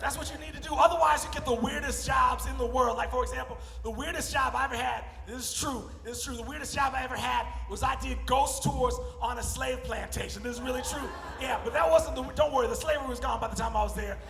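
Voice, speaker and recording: A high-pitched man with a gravelly edge does stand-up on a convention stage, talking to the crowd in a loose, conversational way. The sound is roomy, with a long hall reverb and faint music. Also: fast talker, hardly any pauses. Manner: conversational, repeats "you know what I'm saying". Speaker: stand-up comedian. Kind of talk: stand-up comedy set. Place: convention stage before a live audience. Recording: echoey hall.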